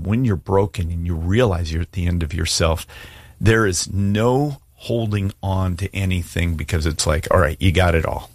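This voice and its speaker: A middle-aged pastor preaches a sermon ending in an earnest, pleading altar call, moving from hushed prayer to emphatic appeals. His voice is low, and the recording is dry.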